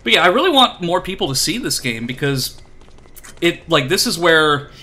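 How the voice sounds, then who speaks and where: A man's voice: a little high, big pitch swings, moderate pace, pushed and bright. A man streaming a video game, chatting casually in a rambling, self-deprecating way with lots of fillers. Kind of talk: casual chat while playing.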